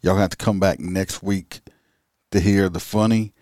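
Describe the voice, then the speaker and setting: A man hosting a casual podcast, relaxed and laughing along with his guest. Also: low voice, unhurried, no echo, clean studio sound. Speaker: podcast host.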